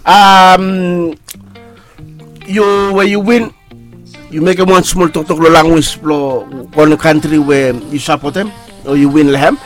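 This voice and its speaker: A man's voice: a little high, steady tone, measured pace, soft background music. Rambling male co-host thanking sponsors. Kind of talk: casual radio chat.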